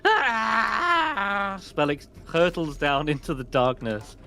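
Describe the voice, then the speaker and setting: A man narrating a tabletop game as game master, lively and quick to laugh. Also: medium pitch.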